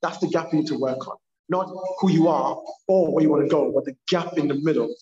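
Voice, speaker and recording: Fast-talking London man, echoey. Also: on the high side, a little hiss or hum. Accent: London English. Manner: animated, emphatic storyteller. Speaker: purpose coach, podcast guest. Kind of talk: casual podcast conversation. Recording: echoey, dull lo-fi sound.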